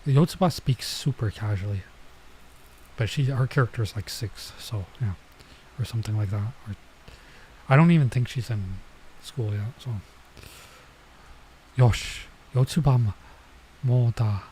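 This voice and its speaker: A man's voice: on the low side, normal speed, darkish tone, a little hiss or hum. A man running a casual Japanese lesson, reading manga lines aloud and translating them with lots of filler words. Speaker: vtuber teaching Japanese.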